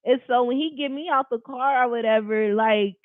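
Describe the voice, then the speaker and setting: A woman's voice: on the high side, moderate pace, dry recording. A woman telling a personal story in a casual storytime style, blunt, emphatic and full of profanity. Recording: tinny phone-like dry recording.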